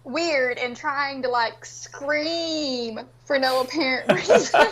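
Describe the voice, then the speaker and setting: A woman's voice: sits high, animated, very slow, bright, forceful tone. A woman in her twenties, co-hosting a casual livestream over a remote call, giggly and cracking bawdy jokes. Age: 20s. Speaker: stream co-host.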